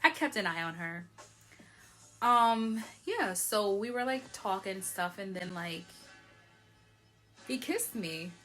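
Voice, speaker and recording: A woman's voice: mid-range voice, lively intonation, slow, pauses often, bright, forceful tone. Young woman, vlogger, casual storytelling, tipsy, chatty, faint music behind. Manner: chatty, frequent "like", laughs often. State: tipsy from wine.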